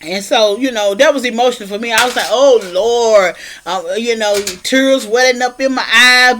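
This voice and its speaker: High-pitched woman vlogger, animated colloquial storyteller recapping a film. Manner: animated storyteller, colloquial, slips into character voices. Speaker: movie reviewer. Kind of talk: casual plot recap.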